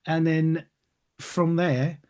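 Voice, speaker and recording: Speaking very slowly in a slightly high, a little mellow voice with a steady tone, a middle-aged English actor gives casual interview answers. He's a chatty storyteller who acts out others' voices in his anecdotes.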